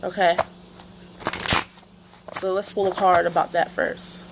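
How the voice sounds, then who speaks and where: Woman, casual rambling tarot vlogger, low gravelly voice. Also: level tone, slow pace, long pauses, background noise. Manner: rambling, chatty, many fillers. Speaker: tarot reader. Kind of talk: casual astrology and tarot vlog.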